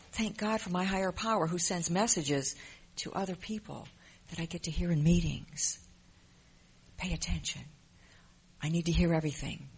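Husky, earnest recovery testimony. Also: medium pitch. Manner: earnest and emotional, often repeating phrases. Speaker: member sharing in a recovery program. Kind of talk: personal testimony.

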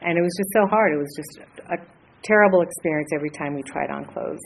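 A woman in her late fifties, from the Los Angeles area, sharing her story at a recovery meeting, hesitant and earnest with many pauses. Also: deep voice, creaky, slight background noise, low-quality recording. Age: 50s. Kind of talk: personal share at a support meeting.

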